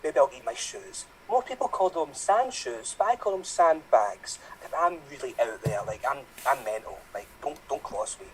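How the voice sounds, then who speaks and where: Lively man telling a mock-dramatic bit. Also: a little high, normal speed, hardly any pauses, slight background noise, low-quality recording. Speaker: improv performer. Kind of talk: improvised comic monologue. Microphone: video call.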